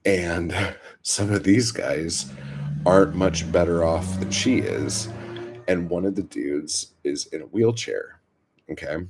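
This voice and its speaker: A man's voice: deep voice, slow pace, over music. A man hosting a livestream, telling stories in a profane, rambling, filler-heavy way. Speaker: livestream host. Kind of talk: casual storytelling livestream.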